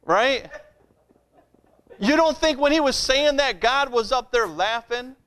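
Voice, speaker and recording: A man with a notably high-pitched voice preaches a sermon. His delivery is conversational and direct, with frequent calls of "Amen?" to draw the congregation in. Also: moderate pace, fairly bright tone, clear, resonant tone. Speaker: pastor.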